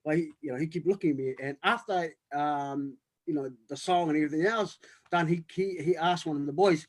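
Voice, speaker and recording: A man telling a rambling story on a video call, full of fillers and restarts. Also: on the high side. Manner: halting, many restarts and fillers. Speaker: writer-director on a cast panel.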